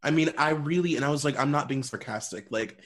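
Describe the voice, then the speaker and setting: A man's voice: on the high side, fast. A man co-hosting a podcast in casual chat, talking emphatically and swearing now and then. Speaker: podcast co-host.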